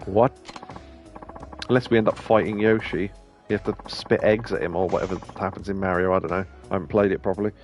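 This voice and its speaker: A man's voice: deep voice, steady tone, quick pace, darkish tone, soft background music. A man hosting a let's play, thinking aloud about choices and swearing freely. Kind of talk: casual gameplay commentary.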